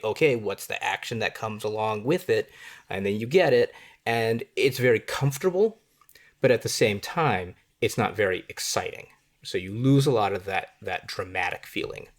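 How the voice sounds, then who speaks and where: Lower-voiced man teaching writing craft. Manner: conversational, often asks "right?". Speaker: writing instructor. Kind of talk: explanatory lesson on writing.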